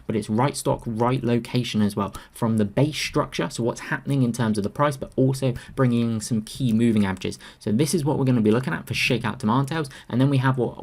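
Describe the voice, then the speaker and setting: Fast-talking man with a gravelly voice. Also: mid-range voice. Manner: emphatic, repeats key phrases. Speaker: trading educator. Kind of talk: screen-share presentation.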